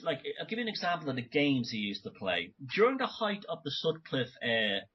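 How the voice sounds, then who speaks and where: Guest man, bright and tense, a bit husky; animated, restarts often. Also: mid-range voice. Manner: animated, many restarts and asides. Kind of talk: conversational interview. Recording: dull lo-fi audio.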